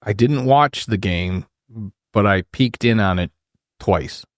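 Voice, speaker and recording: A man with a fairly low voice chats loosely on a podcast, full of fillers and quick to laugh. His voice is recorded close and dry. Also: dry recording. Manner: laughs easily, loose rambling talk with many fillers. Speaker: podcast co-host. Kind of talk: casual chat.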